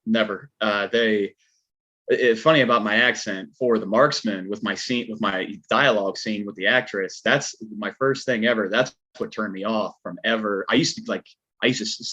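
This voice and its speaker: A man's voice: on the low side, fairly even intonation, normal speed, fairly bright tone, breathy edge. A man with a Southern American twang, a stuntman guest on a podcast, telling a story in a laid-back, rambling way full of filler words. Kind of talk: casual storytelling chat. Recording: dull lo-fi podcast audio.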